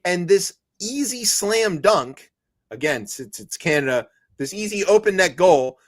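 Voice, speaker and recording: His pitch sits high and his delivery is animated but measured in pace. He's a co-host of a comedic news podcast, rambling and joking, with many restarts and put-on quotes.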